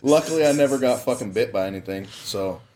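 A young man spins a loose, rambling story, swearing freely and laughing between the lines. His voice sits at an ordinary middle pitch, and his delivery is relaxed and chatty, like he's talking with friends on a podcast. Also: fast talker. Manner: profane, rambling, laughs often. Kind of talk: casual storytelling.

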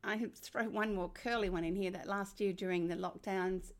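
An older woman with an Australian accent, speaking as a guest on a podcast. She talks emphatically, and her voice jumps high when she makes a point. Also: normal speed. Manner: animated, emphatic, rising to high exclamations. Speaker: former teacher and education guest. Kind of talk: conversational interview.

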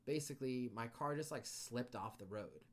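A man, a guest on a podcast, telling a story in a casual, animated way, swearing freely and acting out what people said. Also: mid-range voice, moderate pace, slight background noise.

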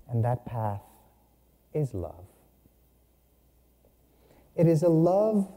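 Slow, mellow man telling spiritual stories. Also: medium pitch. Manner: humorous, unhurried, expressive storytelling. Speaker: speaker. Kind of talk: spiritual talk with storytelling. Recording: long hall reverb.

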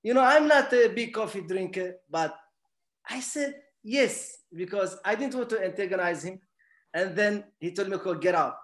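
Halting man telling a story. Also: high-pitched, a bit bright, reverberant. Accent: non-native English. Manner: halting, with restarts and fillers. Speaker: guest. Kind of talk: personal story.

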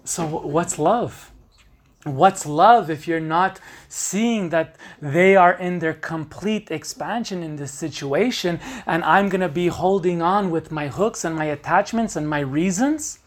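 A man's voice: on the high side, measured pace. A man hosting a solo podcast, talking earnestly and emphatically with casual swearing. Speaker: podcast host.

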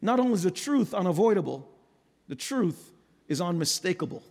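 High-voiced gravelly preacher in a hall. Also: male voice, very animated, normal speed. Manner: dynamic preaching that swings from low to loud. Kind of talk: sermon. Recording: long hall reverb.

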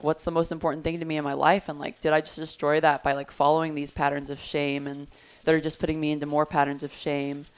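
A woman's voice: low voice, smooth. A woman talking in a casual, heartfelt conversation, reflective and searching, with lots of "like" and fillers.

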